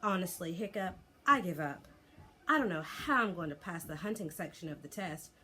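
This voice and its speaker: A woman reading aloud voices a gloomy, awkward young boy who talks in a slow, glum drawl. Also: fairly low pitch, expressive, sharp tone.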